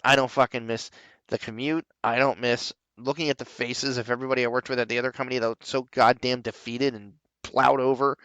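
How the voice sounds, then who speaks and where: A man chatting on a podcast, telling stories with a lot of swearing and quick voice switches for the people he quotes. His voice is smooth and clear, with a dry, close sound and no room echo. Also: medium pitch. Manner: profane, animated storyteller who acts out quoted people. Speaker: podcast host. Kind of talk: casual podcast chat.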